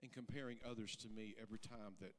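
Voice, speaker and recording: A male pastor preaching a sermon in a folksy, plain-spoken way, swinging from quiet intimate talk to loud impassioned preaching. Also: on the low side, steady tone, quick pace.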